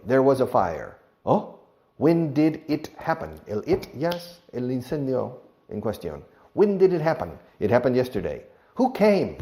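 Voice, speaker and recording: Male English teacher, animated pitch, mellow tone, acts out drill dialogues. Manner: animated, switches between teacher and pupil voices in drills. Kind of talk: classroom lesson, acting out question-and-answer dialogues.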